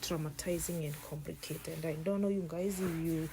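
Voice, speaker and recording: A woman's voice: low voice, steady tone, normal speed, gravelly, mellow, a little hiss or hum. A woman vlogger chatting casually to her viewers as she retells a family story while cooking, rambling and restarting as she goes.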